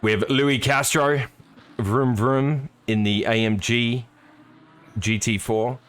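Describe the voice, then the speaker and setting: Guy calling a sim race, slightly low voice, chatty, greets chat. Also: a little slow, fairly bright tone, smooth. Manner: chatty, upbeat, greets viewers by name. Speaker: sim racing commentator. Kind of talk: live race broadcast commentary.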